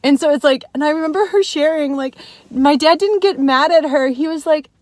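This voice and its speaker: A woman in her thirties vlogs to camera from inside her car, parked while it rains, rambling casually, laughing a lot and swearing freely. Her voice sits high and brisk with a darkish tone, and there's no echo.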